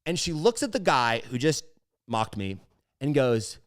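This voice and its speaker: A man in his thirties telling a story in a casual monologue, animated and emphatic, with many fillers and restarts. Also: medium pitch, a little slow.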